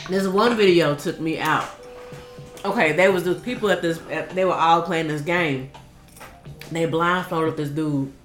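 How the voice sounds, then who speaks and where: A woman co-hosting a casual chat, blunt and quick as she retells a story with frequent swearing. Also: low voice, over music. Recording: roomy echoey room.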